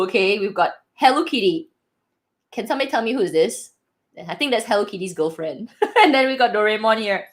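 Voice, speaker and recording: A woman chatting through a casual livestream Q&A, her voice a little high and swooping all over with excitement. She giggles a lot and keeps restarting her sentences. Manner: animated and giggly, often laughing. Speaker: livestream host reading viewer chat. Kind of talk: casual live Q&A chat.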